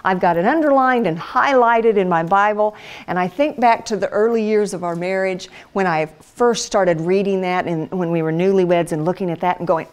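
A middle-aged woman giving a Bible teaching talk to women, telling stories and acting out voices with lively energy. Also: medium pitch, moderate pace. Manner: animated storyteller, acts out voices. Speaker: women's ministry speaker. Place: church hall.

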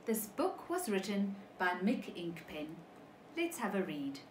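A woman teacher reading a picture book to young children, slow and animated, stopping to ask them questions. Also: mid-range voice, reverberant, a little hiss or hum, low-quality recording. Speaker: preschool teacher.

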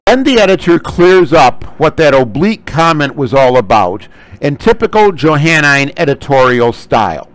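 A man's voice: a little high, dry recording, rough recording. A man teaching a scripture lecture, explaining Greek terms closely. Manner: slow, animated delivery. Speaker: Bible study teacher.

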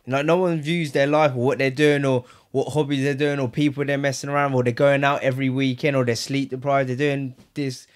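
A man's voice: medium pitch, level tone, brisk, few pauses. Man, co-host, laid-back, slangy, casual podcast chat.

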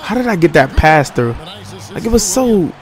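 A young man with a slightly higher voice gives loose, playful commentary over a basketball video game. He trash-talks the other team and laughs often. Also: big pitch swings, normal speed, some chatter behind. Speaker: gaming commentator. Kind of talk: casual gameplay commentary.

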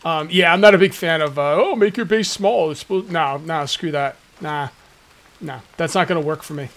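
A man with a fairly high voice talks through his gameplay in loose, jokey commentary. He rants to his viewers and slips into little mock voices as he goes. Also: steady tone, normal speed, fairly bright tone. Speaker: gaming YouTuber. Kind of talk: casual let's-play commentary.

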